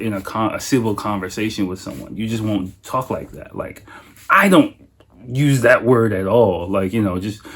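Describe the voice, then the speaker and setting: A man in his thirties, a native English speaker hosting a casual solo podcast, telling stories animatedly, swearing freely and laughing often. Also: on the low side. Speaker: podcast host.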